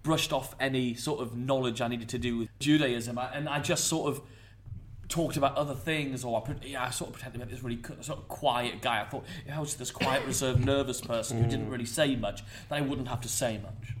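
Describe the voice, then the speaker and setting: A man's voice: medium pitch, fairly quick. A man from North East England with a Geordie accent, a mentalist performer telling stories in a casual panel chat, laughing often. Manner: animated, laughing storyteller.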